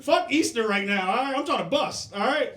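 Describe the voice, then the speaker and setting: A man's voice: very high voice, expressive, fairly quick, pushed and bright. A young man doing a profane stand-up set, riffing with the crowd and laughing at his own jokes. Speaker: stand-up comedian. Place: comedy club stage. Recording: roomy club sound.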